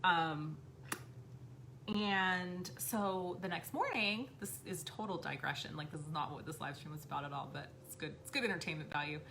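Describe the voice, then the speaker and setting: A woman's voice: sits low, normal speed, creaky, pushed and bright, a little hiss or hum. A woman in her thirties casually telling a personal story on a live stream, full of "like" and swearing. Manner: chatty, swears freely, fillers like "like" and "right". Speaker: live stream host, spiritual medium.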